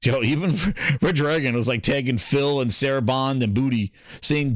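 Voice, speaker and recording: A man's voice: mid-range voice, normal speed, few pauses, dry recording, studio quality. A man hosting a gaming podcast, ranting in casual commentary and repeating his points. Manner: ranting, animated, repeats himself. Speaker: podcast host.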